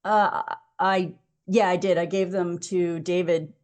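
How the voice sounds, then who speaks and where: A woman's voice: fairly low pitch, level tone, a little slow, a little mellow. A woman playing at a tabletop role-playing game, speaking hesitantly in casual chat. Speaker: player.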